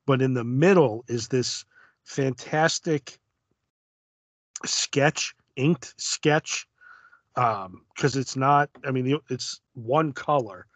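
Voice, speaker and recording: A man's voice: medium pitch, measured pace, no room sound. Hesitant man musing over a comic. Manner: hesitant, restarts often, thoughtful. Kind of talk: casual comic book discussion.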